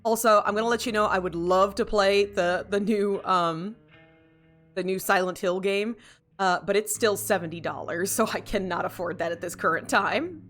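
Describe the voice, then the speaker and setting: A sleepy woman streaming a game, yawning as she rambles and cuts herself off while chatting with her viewers. Her talk is loose and self-interrupting. Faint music plays softly behind her. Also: mid-range voice, normal speed. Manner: rambling, self-interrupting, chatty with chat readers, laughs often. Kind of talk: casual livestream chat.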